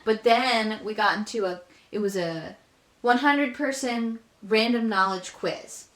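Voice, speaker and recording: A young woman co-hosting a casual nostalgic podcast chat, telling stories with animated asides. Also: fairly high pitch, unhurried. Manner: animated storyteller, acts out commercial voices. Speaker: podcast co-host. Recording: roomy echo, backup audio.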